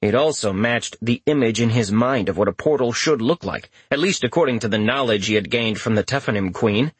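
Husky-voiced male audiobook narrator. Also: mid-range voice, dry recording. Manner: expressive, animated narration with character voices. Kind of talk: scripted narration.

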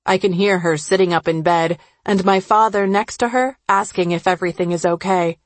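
A woman reading a first-person audiobook in a measured, reflective, gentle way. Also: on the low side, fairly even intonation. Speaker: audiobook narrator.

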